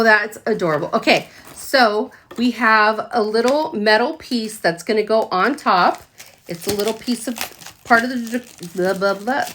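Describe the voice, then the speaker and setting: Gushing, unhurried woman unboxing a product. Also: medium pitch, fairly bright tone, a little hiss or hum. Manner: gushing, bubbly, exclaims often. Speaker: Scentsy consultant unboxing a product. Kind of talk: excited unboxing vlog.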